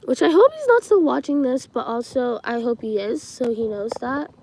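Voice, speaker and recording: A woman's voice: fairly high pitch, expressive, moderate pace, creaky, dark tone, slight background noise, rough recording. A teenage girl telling stories on a livestream in a casual, chatty way, giggling often and filling her talk with "like" and "um". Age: teens. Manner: chatty, giggly, many fillers like "like" and "um".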